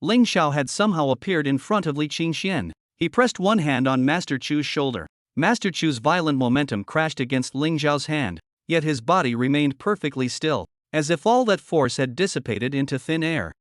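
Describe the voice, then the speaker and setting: A male narrator with a fairly high, lively voice reads a story in a dramatic, expressive scripted way. The recording is close and completely dry. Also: moderate pace, few pauses, no echo.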